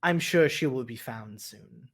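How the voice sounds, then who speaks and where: A man doing a calm, dry-witted noble bride. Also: mid-range voice, a little slow, slightly rough. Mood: cool, composed.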